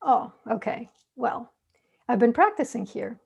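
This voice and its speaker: A woman doing a gruff old hermit man. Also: a little high, big pitch swings, a little slow, darkish tone, exaggerated voice. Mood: defensive. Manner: gruff, defensive.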